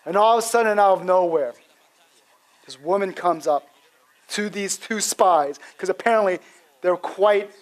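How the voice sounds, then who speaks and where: A man preaching a sermon, telling the story in a casual, animated way with lots of fillers. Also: sits high, normal speed, pauses often. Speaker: pastor.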